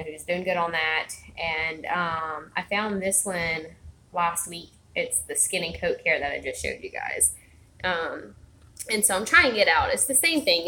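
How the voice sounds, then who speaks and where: Speaking in a fairly low, bright voice with a forceful tone, a woman vlogger rambles casually to viewers from inside her home, full of fillers and restarts. Her phone camera captures a rough, reverberant recording with a little hiss or hum.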